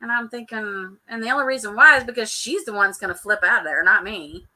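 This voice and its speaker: A woman, co-hosting a casual live chat and telling animated stories to viewers. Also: fairly high pitch, fast, rough recording. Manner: chatty, animated storyteller, warm toward viewers. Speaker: co-host.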